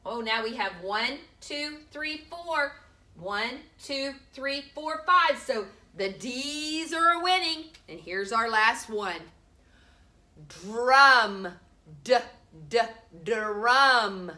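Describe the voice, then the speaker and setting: Preschool teacher, woman, middle-aged: unhurried delivery, crisp bright tone, drawn-out letter sounds. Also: sits high, animated. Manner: slow, sounding out letters for small children. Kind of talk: home preschool lesson.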